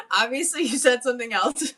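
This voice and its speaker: A woman in her forties runs a live-stream sale, talking easily as she holds up antiques. Her chat rambles from item to item and she laughs often. Her voice sits at an ordinary middle pitch. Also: a bit bright.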